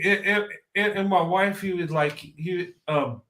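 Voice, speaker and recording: A man, a guest, telling a story in a casual, animated way and laughing often. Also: high voice, a little slow, echoey room.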